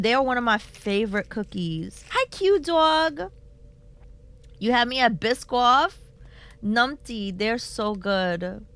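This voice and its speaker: Animated, lively woman chatting with viewers. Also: on the high side, no room sound. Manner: playful, animated, reads chat aloud, laughs often. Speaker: streamer. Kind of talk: casual live-stream chat with viewers. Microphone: desk microphone.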